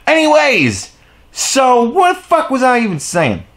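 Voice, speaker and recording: A young man ranting casually to his camera, profane and animated, recorded on the camera's own mic. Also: sits high, moderate pace. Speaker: vlogger.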